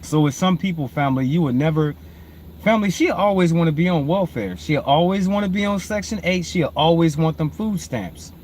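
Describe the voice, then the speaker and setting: A man, hosting and preaching informally on proverbs, repeatedly calling listeners "family", swinging between low murmured reading and loud emphatic preaching. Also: animated, fairly quick, a little hiss or hum. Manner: repetitive, calls listeners "family". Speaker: host.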